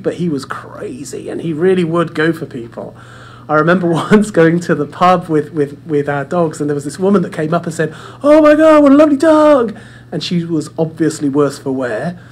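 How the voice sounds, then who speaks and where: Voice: medium pitch, slight background noise. A speaker giving a forum talk, chatty, often repeating words and addressing the audience directly, in an indoor room. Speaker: speaker at a dementia care forum. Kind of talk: presentation with personal storytelling.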